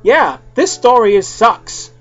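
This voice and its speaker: A podcast reader voicing a brash, greedy bartender woman in a comic fan-fiction reading, shrill and loud. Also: big pitch swings, slow pace, lo-fi sound, soft background music. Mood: bossy.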